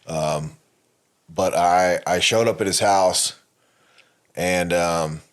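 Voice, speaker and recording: A man's voice: deep voice, slow. A man co-hosting a podcast, telling a candid personal story in a rambling way, with many fillers and restarts and frequent swearing. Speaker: podcast co-host.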